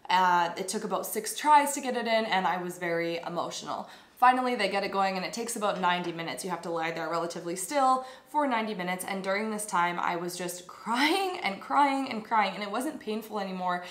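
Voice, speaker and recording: A woman's voice: lowish voice, a bit bright. A young woman vlogger telling her personal story in an earnest, reflective way, with many casual fillers. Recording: echoey room.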